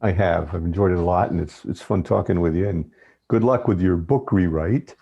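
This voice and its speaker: A man who is a guest on a podcast, telling stories in an easygoing, unhurried way. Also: deep voice, gravelly, warm tone, breathy edge, muffled recording. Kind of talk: casual interview chat.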